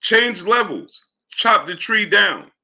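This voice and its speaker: A man running a live boxing stream, his voice bright and sharp and pitched a little high for a man. He rattles off analysis in an animated way, punctuating it with "right?" and "you understand?", then drops into low mumbled shout-outs to viewers. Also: takes it slowly, gravelly. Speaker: livestream host.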